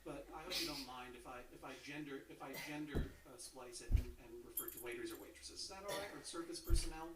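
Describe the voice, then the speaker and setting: A man's voice: medium pitch, fast talker, hardly any pauses, very noisy. A man hosting a comedic interview, mock-formal, with lots of stammered restarts. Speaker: host. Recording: echoey playback from far off.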